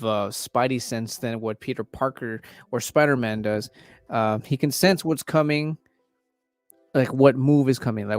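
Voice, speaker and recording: A man's voice: medium pitch, no room sound. A man hosting a casual livestream, talking loosely and swearing freely as he reacts to trailers. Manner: loose, profane, chatty. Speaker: livestream host reviewing trailers.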